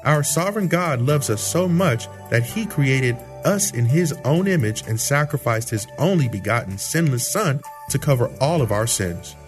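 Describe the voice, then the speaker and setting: A man reading a measured, scripted introduction to a sermon program. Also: medium pitch, lively intonation, soft background music. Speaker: program announcer.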